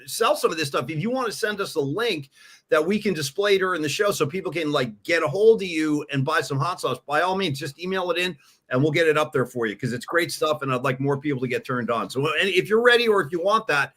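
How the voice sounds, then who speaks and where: A middle-aged man hosting a casual sports and music podcast, animated and chatty, slipping into impressions. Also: fairly high pitch. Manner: animated, quick to do impressions of others. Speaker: podcast host.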